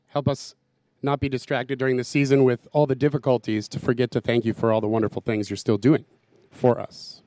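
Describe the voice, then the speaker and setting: A man's voice: mid-range voice, level tone, a little fast, hardly any pauses, no echo, clean studio sound. A man leading an earnest spoken prayer in a church service. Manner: earnest, softly declarative. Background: guitar music.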